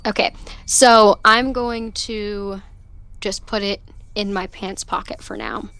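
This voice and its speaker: A woman's voice: mid-range voice, fairly even intonation, slow, fairly bright tone, dry recording. A woman playing a tabletop game, casually describing her character's actions with many filler words. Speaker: player.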